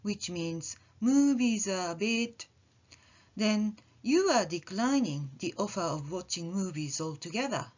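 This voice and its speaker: A woman teaching a lesson, her voice rising and falling a lot as she acts out example phrases. Her tone is soft and breathy, and she explains things patiently. The audio sounds a little muffled and dull. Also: medium pitch. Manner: slow, careful explanation with animated demonstrations of intonation. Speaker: language teacher.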